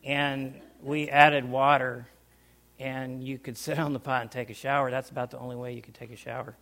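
A man telling a personal story to a small group, animated, with loudness swinging up and down and sounds acted out. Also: medium pitch, moderate pace. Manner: animated, loudness rising and falling, acts out sounds. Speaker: speaker recounting life overseas.

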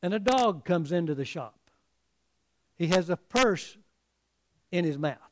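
Slow, high-voiced male preacher. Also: lively intonation. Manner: halting, repeats words, earnest. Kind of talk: sermon.

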